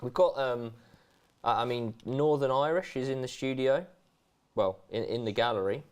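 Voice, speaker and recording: A man's voice: mid-range voice, normal speed, a little mellow, clear, resonant tone. A man with a southern English accent hosting a football watchalong, rambling in casual chat. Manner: rambling, lots of fillers and tag questions.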